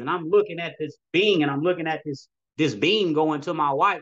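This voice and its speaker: A man's voice: a little high, fast talker, few pauses, fairly bright tone, lo-fi sound. A man telling a personal story as a podcast guest, rambling and acting out dialogue with frequent "you know" asides.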